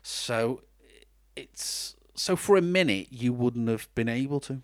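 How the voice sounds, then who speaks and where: A man's voice: mid-range voice, animated, slow pace, no room sound, clean studio sound. A man co-hosting a casual podcast, chatty and self-mocking, talking with lots of restarts. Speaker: podcast co-host. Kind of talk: casual chat.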